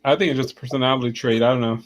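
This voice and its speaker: A man's voice: medium pitch, steady tone. A man co-hosting a casual podcast chat in a teasing way. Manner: teasing, quick. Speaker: podcast co-host.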